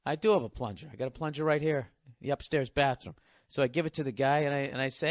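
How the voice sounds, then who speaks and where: A man's voice: medium pitch, fast, no echo, studio quality. A man in his forties doing stand-up comedy, telling a story in a profane, ranting way. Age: 40s. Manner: profane, ranting, mimics others in bits.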